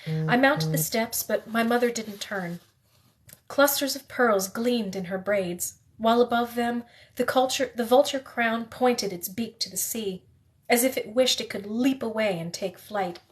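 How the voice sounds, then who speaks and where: A woman reading a novel aloud in the first person, steady, with the odd slip she corrects. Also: on the high side, unhurried. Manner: steady reading with occasional slips and self-corrections. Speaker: reader.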